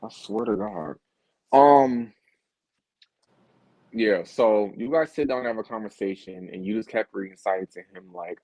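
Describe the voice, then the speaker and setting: A man's voice: fairly low pitch, lively intonation, moderate pace, darkish tone, dry recording. A man hosting a casual interview, teasing and playful, acting out quotes as he asks questions. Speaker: interviewer, host. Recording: dull, dry lo-fi recording.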